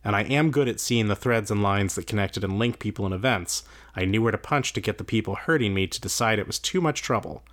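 A male podcast co-host speaks fast in a lowish voice with a fairly bright tone. Between readings of listener mail, he trades wry jokes and swears offhandedly.

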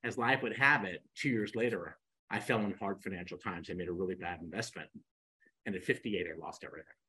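An older man in his sixties spins stories as a podcast guest, jumping into the voices of the people he quotes. His voice is husky and breathy yet bright and forceful, sitting a little low. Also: brisk, poor audio. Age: 60s. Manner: animated storyteller acting out quoted dialogue. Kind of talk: storytelling in a podcast interview.

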